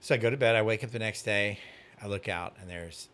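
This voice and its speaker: Low male voice, chatty storyteller, slight background noise. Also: fairly quick. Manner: animated anecdote teller. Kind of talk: casual chat, storytelling.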